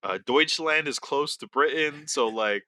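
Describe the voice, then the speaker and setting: A man co-hosting a casual podcast, talking in an animated, excitable way with swearing and quick asides. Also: fairly high pitch. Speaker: podcast co-host.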